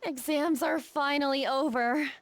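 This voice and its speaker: A woman doing a high, bubbly teen girl. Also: fairly even intonation, measured pace, no room sound. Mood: weary. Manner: chatty, sighing. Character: bubbly, tired teenage girl.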